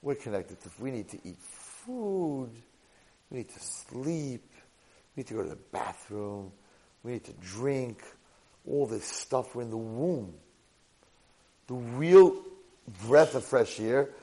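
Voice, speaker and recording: Animated man telling a Torah lesson. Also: mid-range voice, husky, low-quality recording. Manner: animated storyteller who mixes in Hebrew and Yiddish words and acts out quotes. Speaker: rabbi teaching a Torah class. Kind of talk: weekly Torah portion lesson to a live class.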